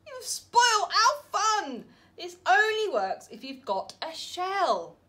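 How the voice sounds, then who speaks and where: A woman voicing a bossy, panicky group of snails in a storybook reading, with loud shrill cries. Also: very animated, slow. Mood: scolding.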